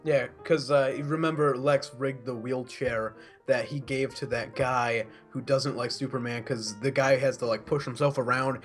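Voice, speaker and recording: A man's voice: mid-range voice, fairly even intonation, moderate pace, faint music behind. A man co-hosting a casual movie review, rambling with lots of fillers and restarts. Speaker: co-host.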